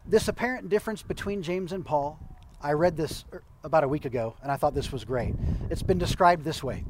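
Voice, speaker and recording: A man preaching a sermon in a conversational, explanatory way, with the odd touch of light humor. His voice sits a little higher than most men's. A faint hum of noise runs under the recording. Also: animated, fairly quick, darkish tone, low-quality recording. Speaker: pastor.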